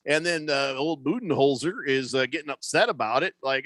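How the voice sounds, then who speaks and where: A man co-hosting a sports radio show, joking around and slipping into quick put-on voices. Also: on the high side, fairly bright tone, no echo. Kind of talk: casual sports talk banter. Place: radio studio.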